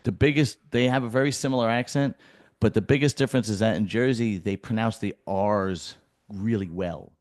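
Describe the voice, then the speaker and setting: New York man, low and dry. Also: normal speed, darkish tone, no echo. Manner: blunt, swears freely, repeats himself on restarts. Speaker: podcast host. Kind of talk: casual chat.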